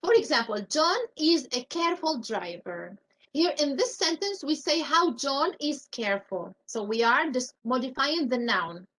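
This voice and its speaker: Teaching English grammar live, a woman goes rule by rule, stacking up examples and constantly questioning the class. Her high, slightly bright voice is unhurried with lively intonation, and the rough recording has a little hiss or hum.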